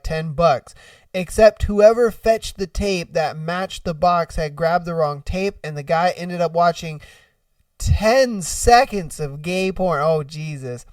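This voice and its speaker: A man hosting a podcast, telling stories in an animated, profane way and laughing often, recorded dry and a little away from the mic. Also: high voice, no echo, recorded from a distance. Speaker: podcast host. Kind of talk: casual storytelling and reacting.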